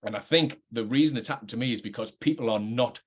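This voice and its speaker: A man's voice: mid-range voice, fast talker, breathy edge. A middle-aged man with a working-class Geordie accent, an actor reflecting earnestly and hesitantly on his career, often restarting his sentences. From North East England. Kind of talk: reflective talk to camera.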